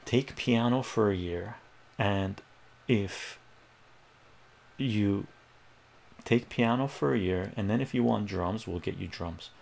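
This middle-aged math tutor streams a rambling, animated story, laughing frequently and acting out quoted voices in casual chat. His voice is on the low side and creaky, delivered at a slow pace.

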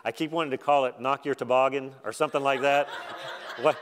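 A man preaching a sermon as a guest speaker, talking in a relaxed, self-deprecating way and turning animated when he acts out the verses he quotes. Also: medium pitch, a little fast, in a large hall, a little hiss or hum. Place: large church hall.

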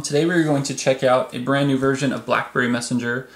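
A man hosting a casual tech video, demonstrating a phone app in a relaxed, chatty way with frequent ums. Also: mid-range voice, quick pace. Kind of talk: casual product demo. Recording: echoey room.

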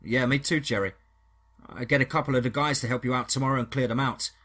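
Calm, husky backup hunter, played by a man, low and reassuring. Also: fast talker, natural voice.

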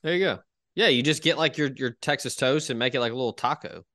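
Bright-voiced podcast host. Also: male voice, mid-range voice, fast talker, dry recording, clean studio sound. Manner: agreeable, steering the talk. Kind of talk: casual sports podcast chat.

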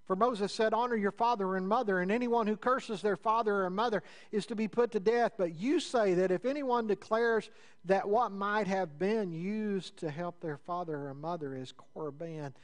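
Conversational preacher, fairly high voice. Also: male voice, moderate pace. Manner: conversational preaching that swings between rising emphasis and low quiet asides. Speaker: pastor. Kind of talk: sermon.

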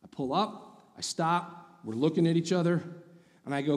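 A man telling a funny story as a guest speaker in a church sermon, animated and sarcastic. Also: fairly high pitch, moderate pace. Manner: animated, sarcastic, acts out voices. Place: church sanctuary. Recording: reverberant church hall.

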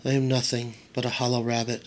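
A man voicing a weary, hopeless male china rabbit doll who speaks quietly and resignedly. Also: mid-range voice, completely flat delivery, quick pace, lightly acted.

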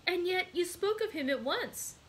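A woman's voice: very high-pitched, animated, normal speed, fairly bright tone, pitched above the performer's own voice. A woman reading aloud as a grateful, tearful young woman who pleads eagerly. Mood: tearful pressing. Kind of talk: read-aloud storytelling.

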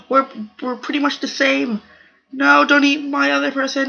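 A gaming channel host giving live gameplay commentary, excitable, repeating short cries of no and come on and exclaiming oh my goodness. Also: high voice, moderate pace, creaky, dull audio.

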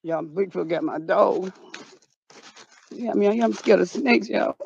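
A woman, hamming up a comic vlog outdoors, playing scared and shouting out calls. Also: medium pitch, a little slow, vocal fry, pauses often, lo-fi sound, a little hiss or hum. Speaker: vlogger. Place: outdoors in the cold.

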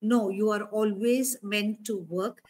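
Woman preaching a casual, lively sermon. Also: medium pitch, takes it slowly. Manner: conversational, animated, asks listeners questions.

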